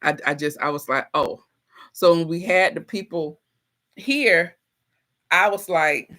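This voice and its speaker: Bright, animated woman livestreaming. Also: on the low side, measured pace. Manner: animated, playful storytelling with frequent laughter; chatty, talks straight to viewers. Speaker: livestream host reading chat. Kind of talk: casual livestream chat.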